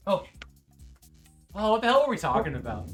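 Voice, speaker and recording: A woman's voice: mid-range voice, slightly rough. A woman hosting a casual stream, rambling with lots of fillers and gushing over her dog. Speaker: streamer host.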